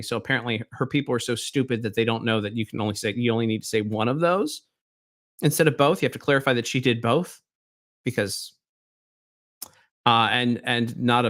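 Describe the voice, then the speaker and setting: With a medium-pitched voice, this middle-aged host of a reaction commentary show, from Southwest Baltimore, US, mocks his subject with sarcasm. He drops to muttering, then erupts into loud outbursts.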